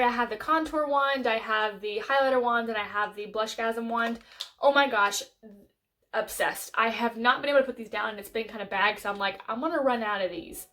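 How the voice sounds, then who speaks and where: A young woman with a fairly high voice chats to camera about her favorite makeup. She gushes enthusiastically, piling up fillers and restarts as she goes. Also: sharp tone, a little hiss or hum. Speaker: beauty vlogger. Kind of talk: casual makeup favorites chat.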